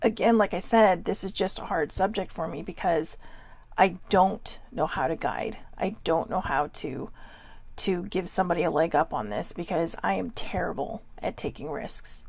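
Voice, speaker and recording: Woman, host, self-help monologue, tearful, halting, apologetic, nervous laughs, dry close sound. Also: fairly low pitch, creaky, a little mellow, slightly rough, dry recording.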